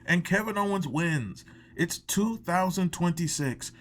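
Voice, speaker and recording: A man's voice: high voice, animated, a little slow, a bit bright, a little hiss or hum. A man reviewing a wrestling show in a profane, indignant reaction rant. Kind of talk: ranting reaction commentary.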